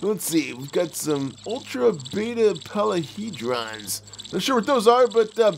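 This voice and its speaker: A performer voicing an excitable, giggly male puppet who hosts a kids' game play show, laughing often and making boom and beep sounds. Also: measured pace, vocal fry, a little hiss or hum. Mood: giddy. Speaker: host. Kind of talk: game play commentary for kids.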